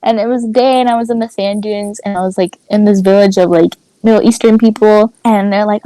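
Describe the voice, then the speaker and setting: A young woman co-hosting a podcast, telling a dream story in animated casual chat, full of "like" fillers. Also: mid-range voice, brisk, hardly any pauses, no room sound, rough recording. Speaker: podcast co-host.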